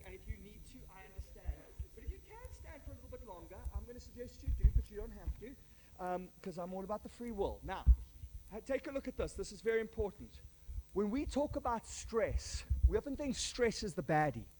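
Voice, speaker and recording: A man giving a live workshop talk to a standing audience, energetic and joking, calling them folks. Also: high voice. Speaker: workshop speaker. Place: conference room before a live audience.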